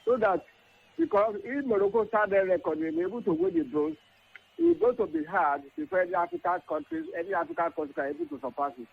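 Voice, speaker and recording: A Nigerian man calling in to a sports radio show, earnest and rambling, his pitch leaping up on emphasis. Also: big pitch swings, fast talker, creaky, slightly rough. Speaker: caller. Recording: tinny phone line.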